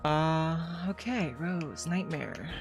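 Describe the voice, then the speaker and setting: A woman's voice: deep voice, very slow, over music. A young woman streamer chatting casually over a game, swearing now and then. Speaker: VTuber streamer.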